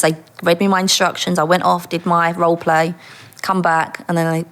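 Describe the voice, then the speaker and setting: A woman telling stories in a casual interview. She is animated and laughs often, and she acts out the voices in her stories. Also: lowish voice. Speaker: guest, former undercover police officer.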